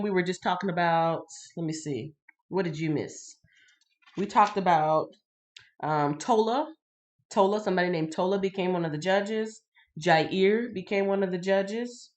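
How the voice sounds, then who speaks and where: A woman's voice: lowish voice, moderate pace. Chatty woman hosting a Bible livestream. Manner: chatty, addresses viewers directly; animated, laughs and greets viewers. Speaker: livestream host. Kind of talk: casual Bible reading and commentary.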